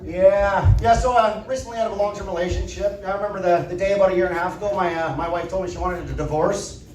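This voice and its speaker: High-voiced man doing stand-up. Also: fast talker, recorded from a distance. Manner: deadpan storytelling, tags lines with "right?". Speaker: stand-up comedian. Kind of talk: stand-up comedy set. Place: comedy club stage. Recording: echoey club audio from afar.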